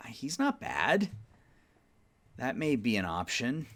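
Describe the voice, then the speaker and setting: A man's voice: mid-range voice, huge pitch swings, slow, a bit bright. A man casually thinking aloud while he manages a baseball team in a video game, sleepy and yawning now and then, muttering as he weighs trades. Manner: mutters trade talk to the game's teams. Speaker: gaming YouTuber playing a baseball management sim. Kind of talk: casual let's-play commentary.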